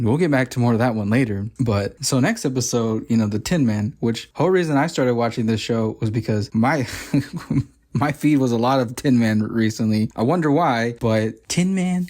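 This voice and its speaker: A man's voice: medium pitch, brisk, darkish tone. A young man rambling through a casual review of a show, full of fillers, restarts and frequent laughs. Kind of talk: casual video review chat.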